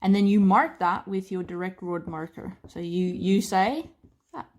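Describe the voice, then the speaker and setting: A woman's voice: on the low side, normal speed, darkish tone, lo-fi sound. An Australian woman working as a dog trainer, explaining at a whiteboard in a casual, chatty way and often checking in with "right?" and "okay".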